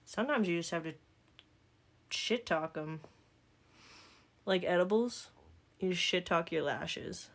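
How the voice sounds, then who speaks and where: Southern woman, vlogger type, gravelly fry in her voice, joking and rambling as she works. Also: on the low side, a little slow, long pauses. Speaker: makeup vlogger. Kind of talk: casual chatty tutorial.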